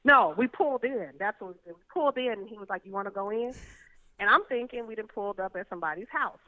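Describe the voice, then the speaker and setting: A woman guest telling candid stories with a blunt, lively manner, often laughing, heard over a phone call. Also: medium pitch, quick pace, no room sound. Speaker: interview guest. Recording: tinny phone line.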